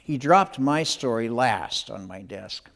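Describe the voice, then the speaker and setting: Older male author, memoir storytelling; animated delivery, moderate pitch with a wide, lively range. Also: takes it slowly, creaky.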